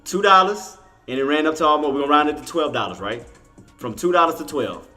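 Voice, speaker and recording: Bright-voiced exasperated man talking to chat. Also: a little high, animated, quick pace, faint music behind. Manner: exasperated, swears, talks straight to chat. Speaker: day trader streaming to viewers. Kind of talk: live trading commentary.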